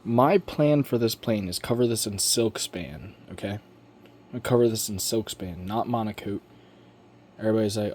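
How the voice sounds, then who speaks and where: A man's voice: fairly low pitch, normal speed, darkish tone, a little hiss or hum. A man talking through his build in a home workshop, loose and rambling. His delivery is offhand, full of slang and the odd curse. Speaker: hobbyist building a model plane. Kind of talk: casual workshop vlog.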